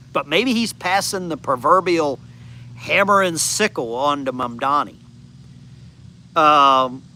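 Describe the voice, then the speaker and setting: Bright-voiced man in his fifties, chatting outdoors. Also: on the high side, slight background noise. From United States. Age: 50s. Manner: rambling, conversational, answers viewer comments. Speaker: channel host. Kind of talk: casual backyard chat to live viewers. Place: outdoors in a backyard.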